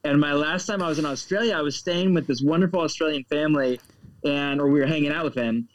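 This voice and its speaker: A man from the United States, a guest author on an interview, talking in an animated and expressive way. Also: a little high, fast talker, crowd noise, low-quality recording. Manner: animated, expressive, laughs along. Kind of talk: casual interview chat.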